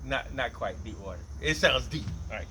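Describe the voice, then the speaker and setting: A man teaching bass guitar, talking loosely and repeating phrases as he demonstrates tones, with bass notes played between his lines. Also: expressive, a little fast, pushed and bright, slight background noise, low-quality recording. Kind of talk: casual instrument demonstration. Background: bass guitar playing between lines.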